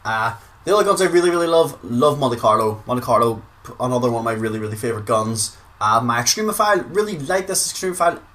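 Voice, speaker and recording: A man's voice: mid-range voice, quick pace, fairly bright tone. A man with a Northern Irish accent giving casual gaming commentary, chatty, swearing freely and repeating words for emphasis. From Northern Ireland. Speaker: gaming video creator.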